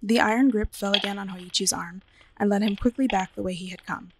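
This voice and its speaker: Gravelly woman reading a ghost story. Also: medium pitch, a little fast, background noise. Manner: expressive, dramatic storytelling. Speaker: librarian.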